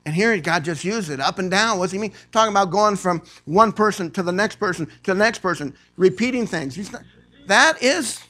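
A man preaching a sermon to a church congregation. He reads scripture aloud and rises to loud, emphatic preaching. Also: sits high, lively intonation, a little fast. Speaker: guest preacher.

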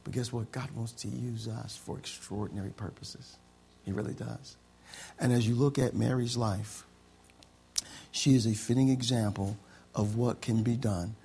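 A man preaching a sermon as pastor, building excitement with repeated phrases. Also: mid-range voice, normal speed, creaky, slight background noise.

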